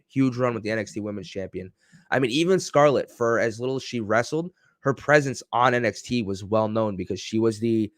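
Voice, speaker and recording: A man's voice: mid-range voice, no echo, studio quality. A man co-hosting a casual wrestling podcast, rambling with lots of fillers and restarts. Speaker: podcast co-host.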